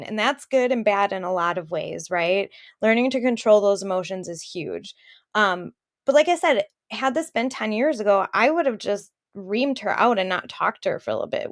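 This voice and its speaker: A woman in her thirties co-hosting a casual chat podcast. She speaks candidly and with plenty of feeling, at a mid pitch. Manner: candid, emotional storytelling. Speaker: podcast co-host.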